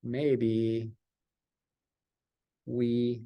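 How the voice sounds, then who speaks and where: A man's voice: fairly high pitch, animated, normal speed, pauses often, a little mellow. A man teaching a statistics lecture, stressing points by repeating words and asking and answering his own questions. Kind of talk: recorded math lecture.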